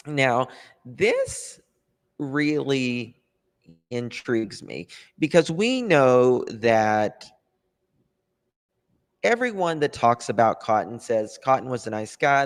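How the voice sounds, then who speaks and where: A man with a fairly low voice talks slowly and unhurriedly, hosting a casual true crime livestream. He thinks aloud and answers viewer comments with frequent ums and trailing pauses. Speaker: true crime channel host. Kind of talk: casual livestream chat about a case.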